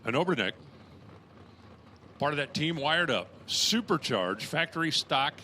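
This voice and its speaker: In live race commentary, an unhurried but very animated drag track announcer with a slightly high, sharp voice trades chatty jokes and puns between runs. He gets louder as cars launch and finish, with slight background noise behind him.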